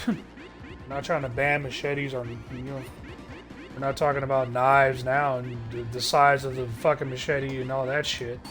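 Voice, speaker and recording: A man's voice: medium pitch, little pitch movement, moderate pace, music in the background. A man ranting sarcastically on a live stream, swearing often and stumbling through restarts. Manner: profane, heated, sarcastic ranting with frequent filler restarts.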